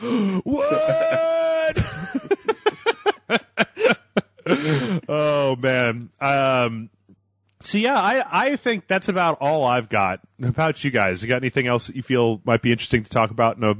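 A man's voice: mid-range voice, animated, normal speed, a bit bright. A man co-hosting a podcast in casual, rambling chat, laughing often and swearing freely. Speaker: podcast co-host.

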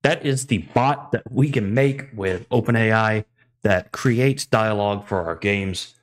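Brief: young man, low voice, casual enthusiastic coding screencast host. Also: a little slow. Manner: enthusiastic, chatty, thinks aloud while typing.

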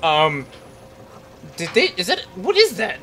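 A man's voice: high voice, wildly swooping pitch, slow, pushed and bright. Jittery young man commentating a horror game. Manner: jittery, rambling, jokey, talks to game characters. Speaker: gaming commentator. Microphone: headset.

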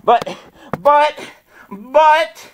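Dude ranting and cussing nonstop, kinda high voice, rambly and repeats himself. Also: male voice, animated, drawn-out words, slight background noise, poor audio. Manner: profane, rambling, repetitive, laughs in frustration. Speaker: vlogger. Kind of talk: angry ranting monologue.

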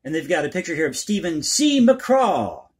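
A man's voice: fairly high pitch, big pitch swings, normal speed, darkish tone, breathy edge. A man hosting a one-take commentary vlog, talking in a rambling, folksy, conspiratorial way and calling his viewers folks. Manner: conspiratorial, opinionated. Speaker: political commentary YouTuber.

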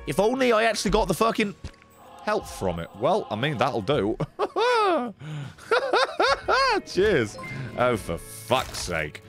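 A young man giving sweary, excitable commentary on his gameplay and chatting with stream viewers. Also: a little high, measured pace, creaky, soft background music. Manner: sweary, excitable, laughs often.

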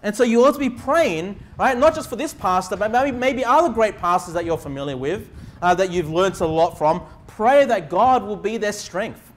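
A young male pastor preaching with a strikingly high voice for a man. He speaks earnestly to his congregation and keeps asking "okay?" to make sure they follow. His voice stays notably high from one sentence to the next. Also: expressive, moderate pace. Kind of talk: sermon.

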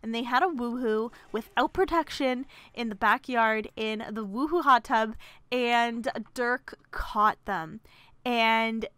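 Woman narrator for a casual let's play; chatty and gossipy, rambles with fillers, voice on the high side. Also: takes it slowly, fairly bright tone, clear, resonant tone, no room sound. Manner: rambling, many fillers and restarts. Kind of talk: casual game commentary.

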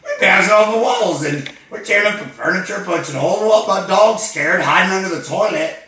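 Guy doing a freaked out panicky caller, kinda high voice, bright, super echoey. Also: fast talker. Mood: frantic. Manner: panicky, pleading, shouting. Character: frantic panicked man high on brownies. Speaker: prank caller. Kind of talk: prank call comedy. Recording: very echoey room.

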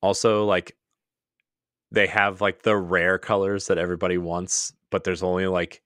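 A man with a very low, deep voice talks loosely on a podcast, wandering through his thoughts with plenty of fillers and restarts. His voice is recorded close and dry, with no room sound. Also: level tone, normal speed, a bit bright, no room sound. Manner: rambling, many "like"s and restarts. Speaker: podcast co-host. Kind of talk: casual podcast chat.

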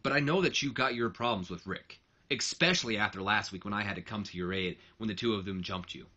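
A man's voice: lowish voice, fast, sharp tone, lo-fi sound. Earnest male wrestler pleading his case, a man reading the lines.

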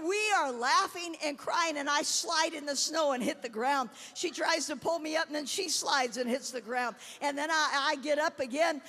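High-pitched woman preacher, animated storyteller, long hall reverb. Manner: animated storytelling, laughing and shouting at high points. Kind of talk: sermon with a personal story.

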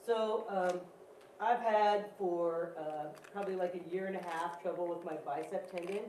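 A woman's voice: on the low side, fairly even intonation, moderate pace, darkish tone, slight background noise. Woman testifying, distant and echoey. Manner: chatty, rambling with fillers. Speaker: congregant giving a healing testimony. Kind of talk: casual spoken testimony. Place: church sanctuary. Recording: echoey church, far from the mic.

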